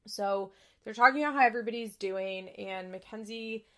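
A woman's voice: mid-range voice, moderate pace. A young woman hosting a podcast, chatting candidly about a reality show and swearing freely. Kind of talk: casual chat recapping a reality show.

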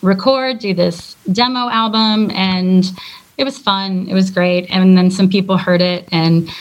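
A woman's voice: medium pitch, fairly even intonation, a little slow, low-quality recording. Woman guest, chatty storyteller, self-deprecating, laughs often, podcast interview. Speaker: guest singer and former worship leader.

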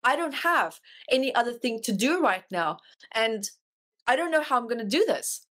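A woman's voice: fairly high pitch, sing-song, moderate pace, a bit bright. A woman, an author and life coach, telling her personal story as a guest in an interview, earnest and emotional, and she repeats phrases for emphasis.

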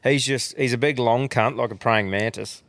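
A young Australian man spins a loose, profane yarn for his mates, laughing often along the way. His voice sits at an ordinary middle pitch and comes through dry and close, with no room echo. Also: normal speed, fairly bright tone. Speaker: podcast co-host. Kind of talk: casual chat.

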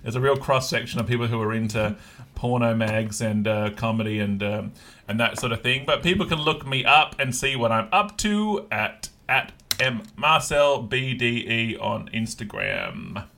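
A young Australian man, a comedian guest on a podcast, talking in a deadpan, self-mocking way. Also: mid-range voice, normal speed, slight background noise. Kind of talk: casual comedy podcast chat.

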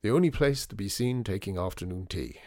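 Man voicing a theatrical disgraced store founder, wry, low voice, dry sound. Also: expressive, fairly quick, a little mellow, no echo. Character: brisk, showy disgraced store founder, middle-aged man.

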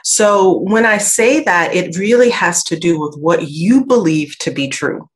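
Woman, Southern US accent, low pitch, earnest and reflective, interview guest. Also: measured pace, rough recording. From raised in Michigan and Alabama. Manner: reflective, earnest, animated when quoting others. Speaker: guest, aromatherapy expert. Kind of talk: podcast interview conversation.

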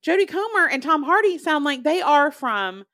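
A woman in her forties co-hosting a casual pop-culture podcast, talking in an animated, gushing way with quick asides. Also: sits high. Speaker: podcast co-host.

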